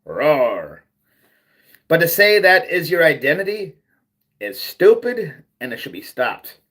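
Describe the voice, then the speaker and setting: A man's voice: on the high side, very animated, moderate pace, a bit bright. A man hosting a livestream, ranting bluntly and profanely, repeating himself as he goes. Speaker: livestream host. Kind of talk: ranting monologue.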